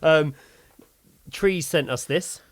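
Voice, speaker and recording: A man's voice: mid-range voice, moderate pace. Guy on a podcast, bouncy up and down voice, tired, laughs a lot. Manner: animated, laughing, self-mocking. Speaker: podcast co-host. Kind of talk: casual chat.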